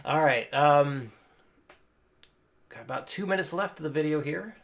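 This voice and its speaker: A man's voice: a little high, a little slow, gravelly, fairly bright tone. A man hosting a live stream, reacting casually to a guitar lesson video in a loose, rambling way and swearing now and then. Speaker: guitar teacher and stream host. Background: electric guitar playing.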